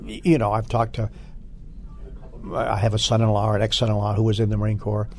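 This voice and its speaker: Older man, gravelly voice, lowish pitch, halting restarts, faint hiss behind. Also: level tone, darkish tone. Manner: halting, many restarts, emotional at times. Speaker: Marine Corps veteran interviewee. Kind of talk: oral history interview.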